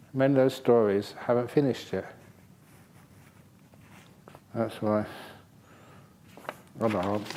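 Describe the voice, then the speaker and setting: A man's voice: mid-range voice, a little hiss or hum. A man, a Buddhist monk teacher, giving a dharma talk and answering questions, playful and humorous as he tells stories. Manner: lively storyteller, playful and humorous. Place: retreat centre hall.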